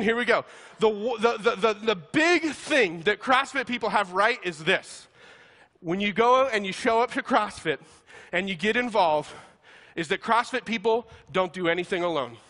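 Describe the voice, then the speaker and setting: High, bright-voiced comic preacher man. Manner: animated, self-deprecating, laughs while talking. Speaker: pastor. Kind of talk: humorous sermon storytelling.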